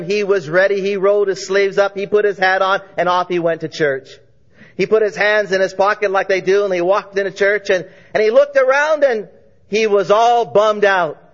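Male preacher, high voice, animated storytelling, dull lo-fi sound. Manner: animated storyteller, voicing characters in dialogue. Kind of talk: sermon storytelling.

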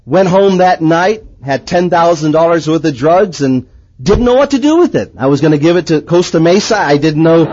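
High-voiced preacher man, lively storytelling. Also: moderate pace, dull audio, crowd noise, background noise. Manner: lively storytelling, swings from excited to hushed. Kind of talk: sermon with personal testimony.

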